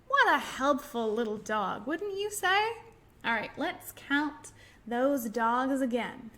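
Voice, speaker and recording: A woman hosting a library storytime for young children, talking through finger rhymes in a gentle, encouraging way. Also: sits high, lively intonation, takes it slowly.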